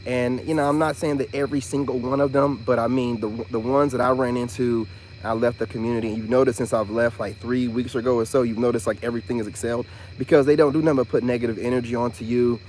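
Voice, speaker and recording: A man's voice: mid-range voice, fairly even intonation, fast talker, a little mellow, a little hiss or hum. A man ranting indignantly in a casual monologue, repeating himself and firing rhetorical questions, with mocking asides. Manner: mocking imitations of others. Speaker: vlogger and self-styled spiritual teacher.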